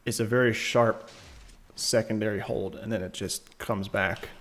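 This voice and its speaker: A man's voice: lowish voice, steady tone, unhurried, a bit bright. Game streamer, male, casual rambling chat, stray self-corrections, desk mic on a shock mount, faint hiss and keyboard clicks. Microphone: desk microphone on a shock mount.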